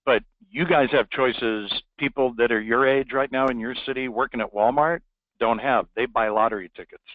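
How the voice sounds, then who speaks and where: A man's voice: mid-range voice, steady tone, moderate pace, dry recording. A man on a group coaching call, making an emphatic, preachy motivational point. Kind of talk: motivational comment. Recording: tinny phone line, dry.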